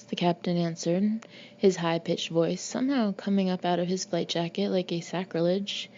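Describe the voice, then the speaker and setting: A woman reading a novel aloud in a measured, even narration. Her voice is mellow and low-key, and the recording sounds dull and lo-fi. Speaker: audiobook narrator. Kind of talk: audiobook narration.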